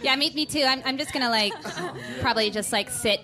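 An actress playing a woman who fakes being drunk to fit in, talking in halting, stammering bursts with overplayed slurring, in a live comedy sketch. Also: high voice, over music, natural voice.

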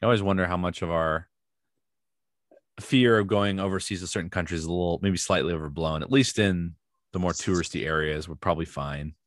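A young man from the United States hosts a loose, joking podcast conversation. His voice sits very low and is recorded close and dry, with no room sound. He gets animated and drifts into side remarks. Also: a little fast, no echo. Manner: joking, animated, trails off into asides. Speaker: podcast host. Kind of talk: casual podcast chat.

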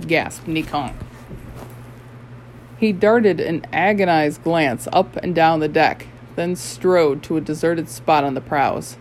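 An audiobook narrator reading a novel aloud in a measured, steady way. The voice sits at a middle pitch throughout. The delivery is scripted narration. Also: a little hiss or hum, low-quality recording.

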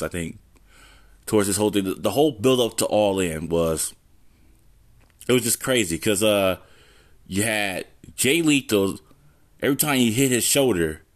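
A man hosting a casual solo podcast into a phone, rambling and swearing as he talks, interrupting himself often. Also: on the low side. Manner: profane, rambling, self-interrupting. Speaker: podcast host. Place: room at home.

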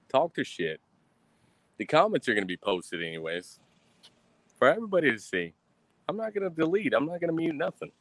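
A man's voice: a little high, fairly bright tone, no room sound. A young man, ranting on a livestream in a boastful, profane, swaggering way. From Texas. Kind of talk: casual rambling livestream rant. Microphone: streaming mic.

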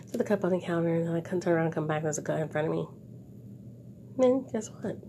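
A woman with a low, gravelly, mellow voice tells an everyday story straight to her viewers. She tells it in a lively, dramatic way, adds wry asides, and then draws a moral lesson from it. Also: fast, slight background noise. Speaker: vlogger. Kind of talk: casual storytelling monologue.

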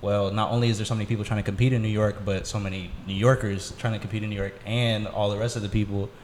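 A measured man from Minnesota poses thoughtful questions in a fairly low voice. His words ring in an echoey room with a long reverb, over faint noise. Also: flat delivery, darkish tone. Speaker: co-host, interviewer. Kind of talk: interview questions.

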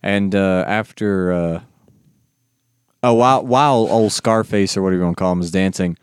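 A man's voice: normal speed, smooth, no echo, clean studio sound. A man in casual chat, retelling a movie scene by scene and acting out the quotes. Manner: acts out quotes in a higher voice, loose and laughing. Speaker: movie discussion co-host.

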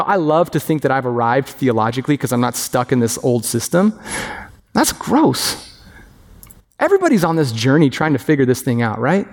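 A man preaching a sermon as pastor, animated and acting out the voices of others. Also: on the high side. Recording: long reverb of a hall.

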